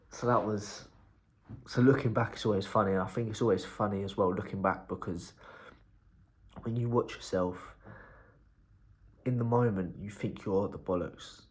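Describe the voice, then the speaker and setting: Blunt young man, lowish voice. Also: steady tone, normal speed. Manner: blunt, swears freely, rambling with restarts. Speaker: entrepreneur vlogger. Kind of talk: casual diary vlog.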